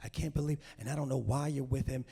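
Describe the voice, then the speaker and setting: A man voicing a nagging middle-aged mother who scolds her daughter in a rapid rant, repeating herself and using no accent. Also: medium pitch, steady tone, warm tone, husky.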